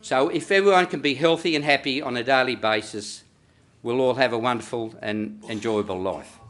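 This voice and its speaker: A man's voice: mid-range voice, normal speed, a bit bright. A middle-aged man with an Australian accent giving a rambling, jokey father-of-the-groom wedding speech, full of fillers and restarts. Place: wedding reception venue.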